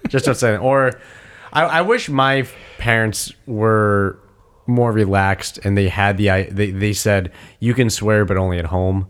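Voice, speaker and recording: A man's voice: lowish voice, unhurried, clear, resonant tone. A man chatting casually with friends, telling stories and acting out quotes. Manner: animated storyteller, acts out quotes. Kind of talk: casual chat.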